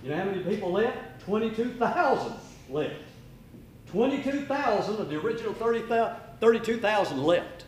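An older man preaching a sermon, telling a story with dramatic swings between loud and hushed. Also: high voice, lively intonation, moderate pace, a little hiss or hum. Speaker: pastor. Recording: echoey room.

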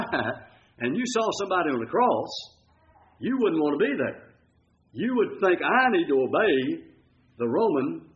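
A male preacher telling a story from the pulpit in a lively style and acting out the quotes. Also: mid-range voice. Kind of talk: sermon. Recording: dull lo-fi recording.

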